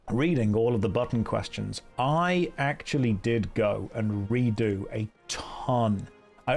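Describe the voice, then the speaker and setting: A man's voice: mid-range voice, vocal fry, darkish tone. A man streaming from home on a desk microphone, chatting playfully with viewers while he plays. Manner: playful, jokey, chats with viewers. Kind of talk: casual live game stream commentary.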